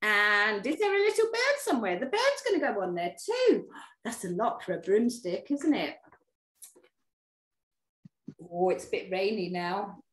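A woman storyteller reading a picture book aloud to young children, expressive and engaging. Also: mid-range voice, measured pace, long pauses, reverberant. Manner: expressive, talks to young listeners. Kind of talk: animated read-aloud for children.

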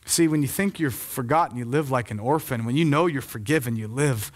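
A male pastor preaching a sermon, swelling loud and then dropping soft. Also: medium pitch, fairly quick, few pauses.

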